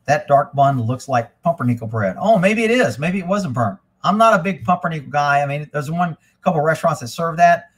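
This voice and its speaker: A man hosting a casual live stream, rambling and swearing freely, getting animated when he retells a story. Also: fairly high pitch, fairly quick, few pauses, slightly rough. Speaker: livestream host. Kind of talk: casual livestream chat.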